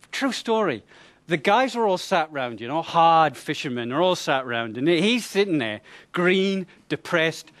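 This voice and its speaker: A man with a fairly high voice, telling a funny anecdote to an audience. He speaks in a chatty, lively way, with stops, restarts and repeated words as he goes.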